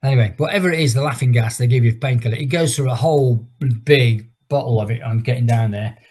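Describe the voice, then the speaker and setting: A fast-talking middle-aged fitness instructor with a mid-range, darkish, slightly rough voice leads a virtual exercise session over video. Between countdowns for each exercise, he rambles on with a lengthy story.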